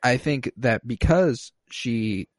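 A man on a casual podcast, recapping an episode and acting out quoted lines with sudden jumps in pitch. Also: expressive, slow, dry recording. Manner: recaps plot, acts out quoted lines in a raised voice.

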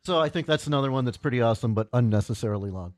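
A man's voice: medium pitch, expressive, racing, dry recording, clean studio sound. Joking easygoing male podcast host. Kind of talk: casual interview chat.

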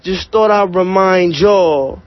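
A young man with a notably high voice delivers spoken word poetry in a rhythmic, rap-like cadence. The sound is dry, close and dulled, as on a muffled radio broadcast. He rides the beat of each line. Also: slow, no room sound.

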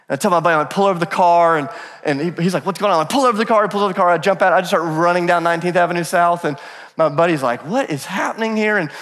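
A male pastor in his thirties preaching a sermon, telling stories in an animated way with self-deprecating humor. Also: a little high. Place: church sanctuary. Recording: long church hall reverb.

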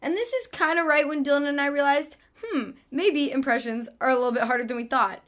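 Young woman host, giggly, chatty, high-ish voice. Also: fairly quick, a bit bright. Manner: giggly, self-deprecating. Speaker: podcast host. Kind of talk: casual chat and narration.

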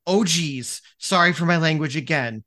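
A man's voice: a little high, moderate pace, pushed and bright. A man voicing a meek, nervous young male fraternity vice president who stammers and apologizes, in a tabletop game. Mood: hurried.

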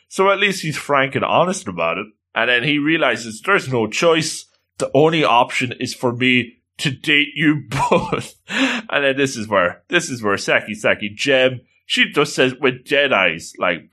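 Man, lively swooping voice, bright tone, casual story recap, joking asides. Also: mid-range voice, a little slow. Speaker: anime recap narrator.

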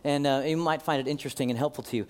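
A man's voice: fairly high pitch, steady tone, very fast. A man preaching a sermon to his congregation in a conversational way, with ums and uhs. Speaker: pastor.

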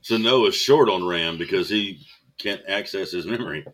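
A man's voice: deep voice, normal speed, a bit bright. A man co-hosting a podcast, telling teasing stories in casual chat. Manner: teasing storyteller, loose and joking. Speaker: podcast co-host.

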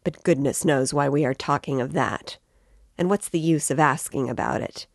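A woman reading the part of a brooding, bitter young man in a storybook reading, slow and low in his scornful thoughts. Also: no echo, clean studio sound. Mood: listless.

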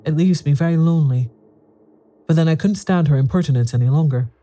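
A man's voice: fairly high pitch, fairly quick, warm tone, no room sound, close to an everyday voice. A man doing a peevish old recluse woman. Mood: wistful. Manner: peevish, mournful, wistful.

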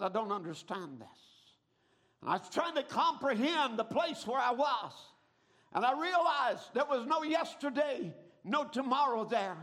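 A man preaching a sermon, telling a story dramatically and breaking into shouts at its high points.

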